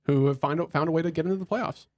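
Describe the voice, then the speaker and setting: A man co-hosting a casual sports podcast, chiming in with quick comparisons. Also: on the high side, a little mellow. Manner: quick interjections, chimes in with comparisons. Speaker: podcast co-host.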